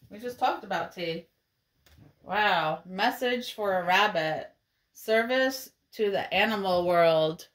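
Woman doing a tarot reading, unhurried and calm, lots of reassurance. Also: medium pitch. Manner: slow, soothing, encouraging. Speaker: tarot reader. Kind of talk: tarot card reading for viewers.

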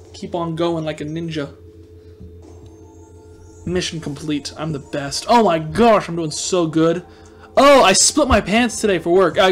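A young man giving casual let's play commentary, excitable and self-mocking, yelping and groaning at every shot. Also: on the high side. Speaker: gaming video host.

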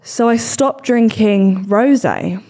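A woman's voice: fairly high pitch, slow, warm tone. A woman, hosting a casual podcast chat in a rambling, self-deprecating way. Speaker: podcast host.

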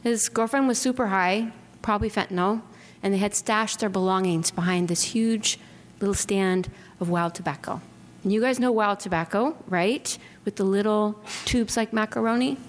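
Middle-aged woman from socal telling a funny story to a crowd, animated, acts out voices, big hall echo. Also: medium pitch, moderate pace. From Southern California. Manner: lively, acts out quotes with whispers. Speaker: author giving a talk. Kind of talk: anecdotal storytelling to an audience. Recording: lecture hall with long reverb, faint noise.

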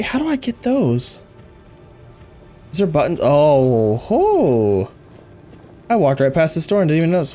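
A man giving excitable let's play commentary, thinking aloud and gasping at each new find. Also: on the high side, normal speed, long pauses, faint music behind. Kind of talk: gameplay commentary.

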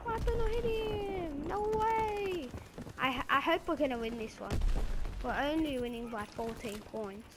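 A woman commentating her own gameplay, excitable, with playful trash talk and sudden outbursts, game music and gunfire behind. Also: high-pitched, measured pace, very noisy. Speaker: gaming video creator.

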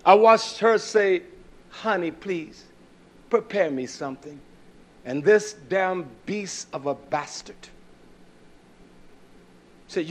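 A middle-aged man preaching a sermon in a somewhat high voice. He swings from loud, shouted declarations to low, muttered storytelling. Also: expressive, slow pace, pauses often.

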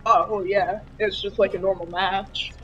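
A man's voice: sits high, little pitch movement, normal speed, pushed and bright, soft background music. A man talking casually with friends over voice chat during a game, laid-back and joking. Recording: dull lo-fi voice chat.

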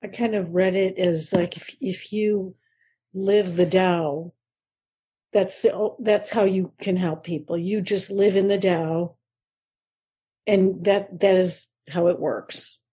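A woman's voice: on the low side, fairly even intonation, slow pace, warm tone, slightly rough. A woman in a casual group discussion, thoughtful and tentative. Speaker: group member.

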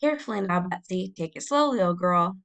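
A woman voicing a brave, earnest young pioneer girl who pleads urgently and speaks slowly and deliberately, in an audiobook reading. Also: on the low side, animated, fairly bright tone. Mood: soothing. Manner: pleading, insistent, slow and deliberate when explaining.

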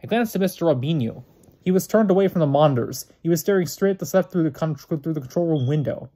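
A man's voice: on the high side, animated, fast talker, dark tone. A man reading a novel aloud in a plain way, often stumbling and restarting his words. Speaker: reader.

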